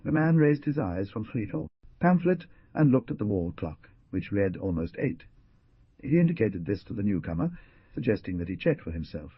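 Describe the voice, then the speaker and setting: A man narrating an audiobook novel with expressive storytelling. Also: on the low side, moderate pace, husky, no room sound, lo-fi sound. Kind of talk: scripted narration.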